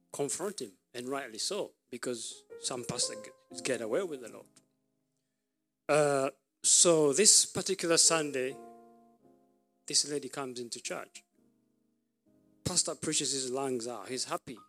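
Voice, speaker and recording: Male preacher, storytelling sermon, halting restarts, faint music behind. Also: medium pitch, fairly bright tone. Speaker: pastor.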